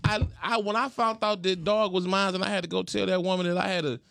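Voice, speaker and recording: Brief: male co-host, lively crude storyteller, higher voice, dry close sound. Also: fast, creaky, no room sound. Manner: animated storyteller, profane. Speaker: podcast co-host. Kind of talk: casual chat.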